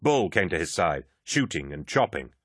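A man's voice: low-pitched, big pitch swings, normal speed, fairly bright tone, husky, no echo, clean studio sound. A man narrating a military science fiction audiobook, reading battle scenes dramatically. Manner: dramatic, vivid action reading.

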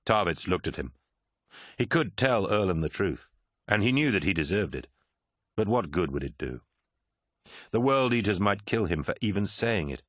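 A man reading a war story aloud as an audiobook narrator, in a grave, measured way. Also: low voice, very animated, fairly bright tone, no echo, studio quality.

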